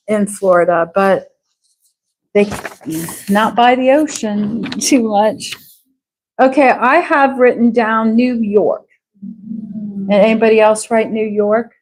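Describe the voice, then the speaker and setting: Patient woman teaching English, unhurried and clear, faint hiss behind. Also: a little high, low-quality recording. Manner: slow, patient, drawn-out repetition of words. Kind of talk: live online English class.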